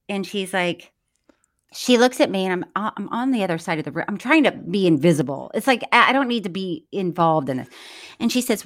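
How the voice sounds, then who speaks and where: A woman's voice: medium pitch, animated, normal speed, long pauses. A woman co-hosting a podcast, telling a story in casual chat, acting out the quotes and laughing often. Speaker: podcast co-host.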